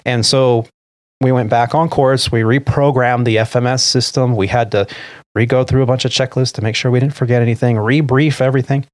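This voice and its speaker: A man's voice: medium pitch, no echo. A middle-aged man, an airline pilot who co-hosts a podcast, telling a story casually and acting out the dialogue. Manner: animated retelling, acting out quoted dialogue.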